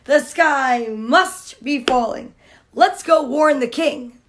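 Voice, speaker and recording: A woman's voice: high voice, takes it slowly, a bit bright, a little hiss or hum. A woman voicing a skeptical turkey in a storybook reading, fussy and doubting. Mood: doubtful.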